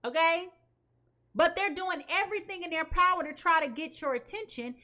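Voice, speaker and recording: A woman's voice: very high-pitched, normal speed, pushed and bright. A woman reading tarot for her viewers in an emphatic way, often checking in with "okay?". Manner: emphatic, keeps asking "okay?". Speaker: tarot reader.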